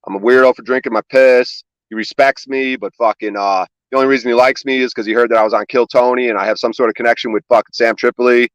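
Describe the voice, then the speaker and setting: A man rattling off a rapid, sarcastic comedic rant, swearing constantly and sounding exasperated. His voice sits at an ordinary pitch and sounds close and dry, with no room around it. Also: fairly even intonation, no echo, low-quality recording. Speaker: comedian guest on a livestream podcast.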